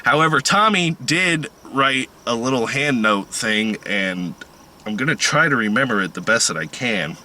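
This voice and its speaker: A man's voice: medium pitch, lively intonation, normal speed, pushed and bright. A man hosting a casual podcast, telling rambling, profane stories and laughing often. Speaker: podcast host. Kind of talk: casual chat.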